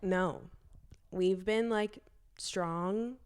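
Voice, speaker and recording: A woman's voice: medium pitch, steady tone, extremely slow, clean tone. A woman in her early twenties, a podcast guest telling stories casually, chatty and full of fillers, acting out quoted dialogue. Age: early 20s. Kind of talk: casual storytelling.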